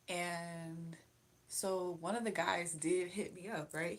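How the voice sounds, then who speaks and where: A woman's voice: on the low side, steady tone, slow. A young woman hosting a casual livestream at home, chatting in a rambling way straight to her viewers and sounding tired. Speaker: livestream host. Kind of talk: casual chat. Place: indoors at home.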